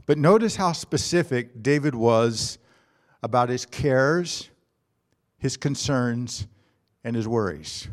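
A man's voice: medium pitch, expressive, slow. A man preaching a sermon, earnest and emphatic, repeating key phrases. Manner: earnest, emphatic repetition with restarts. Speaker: pastor.

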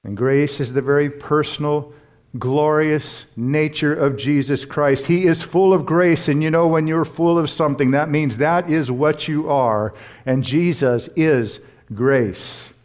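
A man's voice: fairly high pitch, measured pace, darkish tone. Earnest, emphatic male preacher. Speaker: pastor and Bible teacher. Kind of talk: sermon.

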